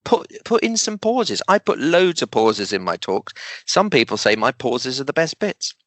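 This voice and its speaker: Dry humor and well-placed pauses mark this man's casual interview as a guest speaker, and he punches his points with animated emphasis. The recording is dry, and his pitch is medium.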